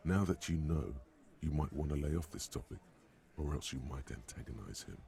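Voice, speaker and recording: A terse, gravelly game inner voice, very low. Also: male voice, expressive, a little fast, warm tone, full character voice. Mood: ominous. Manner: terse, observing, describing. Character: gravelly male inner-voice narrator. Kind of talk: video game narration.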